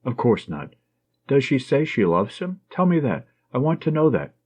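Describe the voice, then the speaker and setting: An affectionate young nurse, teasing and fond, as a husky male narrator puts her on. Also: medium pitch, wildly swooping pitch, moderate pace, a little mellow. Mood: tender. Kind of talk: audiobook reading. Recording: dull lo-fi recording.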